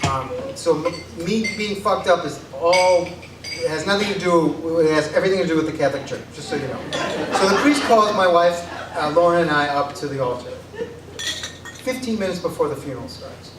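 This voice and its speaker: A high-voiced man tells a self-deprecating, excitable story to a live audience. His voice is picked up from a distance in an echoey room with clear background noise. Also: fairly quick. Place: stage before a laughing audience.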